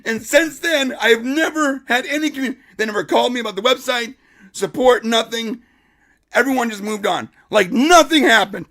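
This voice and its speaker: A man co-hosting a podcast, telling a wild story in a casual, animated way and acting out what people said. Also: very high voice, moderate pace, no echo, studio quality. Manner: animated, acts out quotes. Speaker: podcast co-host.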